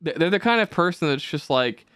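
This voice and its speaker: A man's voice: a little high, animated, fairly quick, a bit bright, smooth, no room sound, studio quality. A man co-hosting a podcast, rambling casually with lots of swearing and fillers. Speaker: podcast co-host.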